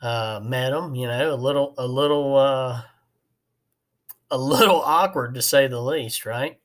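A podcast host who works as an HVAC technician tells a work story in a casual, rambling, folksy way, full of fillers. His voice is mid-range and a little slow.

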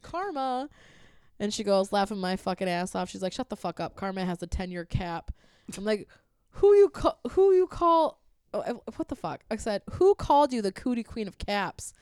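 A woman's voice: mid-range voice, clear, resonant tone, dry recording. A woman telling a long, profanity-laced story in casual chat, laughing often as she recounts a text exchange.

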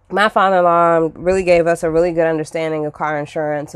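A woman from Washington, D.C., telling personal stories in a casual, expressive way, with chatty asides and acted-out reactions. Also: deep voice, no echo. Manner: expressive, acts out her own past reactions; chatty, with frequent fillers and asides.

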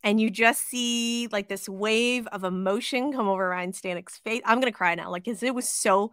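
A woman co-hosting a casual sports podcast, excitable and gushing, swearing freely. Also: a little high, normal speed, smooth, no echo, studio quality. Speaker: podcast co-host.

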